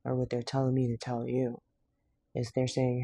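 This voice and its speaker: Laid back tarot reader talking slangy and blunt, soft dark voice, no room echo. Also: mid-range voice, monotone, moderate pace. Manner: laughs often. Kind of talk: casual tarot reading.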